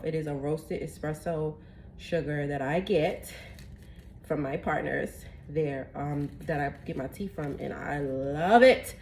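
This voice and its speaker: Chatty excitable woman, slightly low. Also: a little hiss or hum. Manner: chatty, excitable, says y'all. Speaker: tea seller showing her teas. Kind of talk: casual phone tutorial. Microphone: phone.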